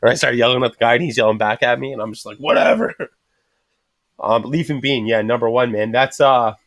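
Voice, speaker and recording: A man's voice: medium pitch, quick pace, dry recording. A man hosting a casual podcast chat, swearing constantly and acting out the people in his stories as he tells them. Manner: swears constantly, animated storyteller acting out quotes. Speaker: podcast host.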